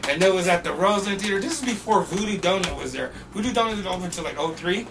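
A man telling stories in a casual, animated way, full of slang and swearing and getting loud when he acts out the scenes. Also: sits high, racing, distant mic, background noise. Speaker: podcast guest. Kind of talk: casual storytelling.

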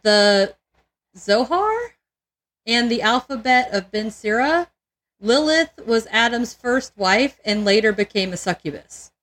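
A woman's voice: fairly high pitch, expressive, a little slow, fairly bright tone. A woman co-hosting a podcast in casual chat, crude and joking, laughing often and tripping over words. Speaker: podcast co-host.

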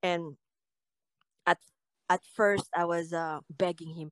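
Low-voiced Filipino woman, earnest and hushed. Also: measured pace, no room sound, low-quality recording. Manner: earnest, emotional, often dropping to a hushed, low voice. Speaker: guest sharing a personal story. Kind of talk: personal testimony in conversation.

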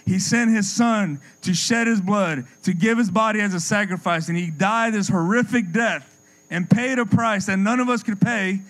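Male preacher, slightly high pitch, passionate sermon delivery, faint crickets and hum in the background. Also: moderate pace, rough recording. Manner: impassioned, dropping low and soft for effect; repeats words when building a point.

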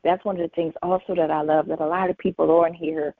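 A woman's voice: sits low, flat delivery, fast, dry recording. A woman in her forties, a featured guest giving a faith testimony on a call-in show, telling her story with animation and acting out conversations. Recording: tinny phone line.

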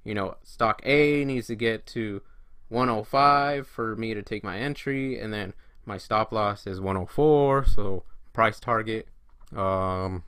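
A man's voice: on the low side, fairly bright tone, no room sound, clean studio sound. A man talking casually as a trading coach, often acting out inner voices and quoted friends. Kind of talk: casual solo talk to camera.

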